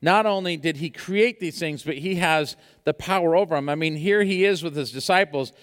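A man preaching a sermon, telling a personal story in an animated way with many fillers before reading scripture. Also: on the high side, moderate pace, long reverb tail. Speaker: pastor.

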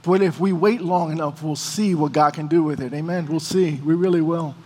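A man with a notably high voice tells a sermon story with energy, acting out each exchange. His voice rings with a long reverberant tail, as in a large hall. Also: a little fast. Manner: animated storyteller, acting out dialogue. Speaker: preacher.

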